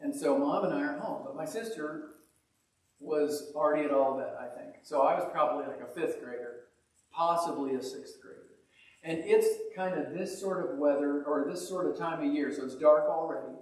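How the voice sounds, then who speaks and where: A man's voice: fairly high pitch, normal speed. A man preaching a casual, conversational sermon, telling stories with a folksy, self-deprecating manner. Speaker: pastor. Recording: echoey church hall, mic at a distance.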